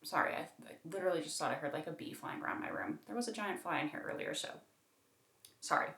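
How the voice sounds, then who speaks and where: A woman with a fairly low voice chats casually and emphatically about a book, with lots of fillers. She talks from her own room, and it sounds roomy and echoey. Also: quick pace, a bit bright. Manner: chatty, emphatic, full of fillers. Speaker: book reviewer. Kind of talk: casual chat. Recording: roomy echo.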